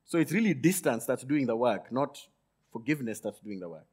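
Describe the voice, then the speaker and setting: A male pastor preaching a sermon, swinging from loud emphatic peaks to low quiet asides and acting out quick grumbling lines. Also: expressive, slightly rough. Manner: acts out Jonah's grumbling thoughts in quick asides.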